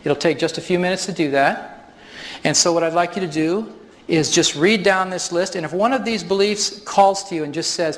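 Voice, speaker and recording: A man runs a live workshop demonstration on stage, explaining every step in a slightly high voice. He chuckles often as he talks. His voice rings with the long reverb of a large hall. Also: moderate pace, a bit bright. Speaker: workshop presenter.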